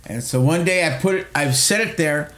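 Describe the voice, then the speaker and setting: Middle-aged male podcast co-host, rambling and profane storyteller, slightly higher voice, echoey room. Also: moderate pace, fairly bright tone. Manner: rambling storyteller, frequent restarts and swearing. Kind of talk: casual chat.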